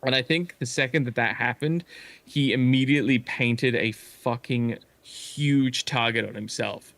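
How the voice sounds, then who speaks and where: A man's voice: medium pitch, unhurried, creaky, fairly bright tone, no echo. A man telling a long story in casual chat as a streamer, rambling with frequent swearing and restarts. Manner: rambling, swears often, many fillers and restarts.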